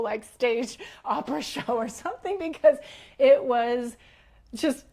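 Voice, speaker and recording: A woman, a leadership coach, telling a personal spiritual story as a podcast guest, in an animated, earnest way with many "like" and "you know" fillers. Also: high voice, unhurried, breathy edge.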